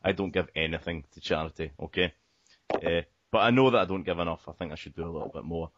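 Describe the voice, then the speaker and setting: A man with a very low voice tells a rambling story, restarting his sentences and swearing as he goes. The sound is dry and close, with a dull, muffled lo-fi quality. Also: fast, dry recording. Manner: rambling, repeats words, swears often. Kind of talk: casual storytelling chat.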